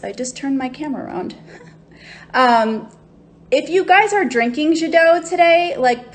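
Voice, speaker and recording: A woman hosting a live wine tasting on a phone stream. She chats casually and cheerfully, greeting viewers as they join. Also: sits high. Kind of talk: casual livestream chat. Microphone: phone livestream mic.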